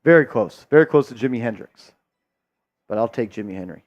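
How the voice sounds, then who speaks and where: A man hosting a live sports watch-party stream, hyped and loud as he shouts out viewers' donations and calls the game. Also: mid-range voice, expressive, fairly quick.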